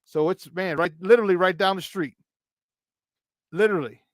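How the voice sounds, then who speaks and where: A man's voice: high-pitched, moderate pace, no room sound, studio quality. Chatty male sports radio host. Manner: animated storytelling, frequent laughter. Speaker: morning sports talk host. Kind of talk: casual radio chat.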